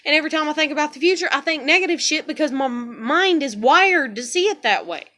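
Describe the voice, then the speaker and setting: A woman's voice: sits high, lively intonation, fast, sharp tone. A woman venting in a blunt, profane, rambling monologue at home, a mother and vlogger.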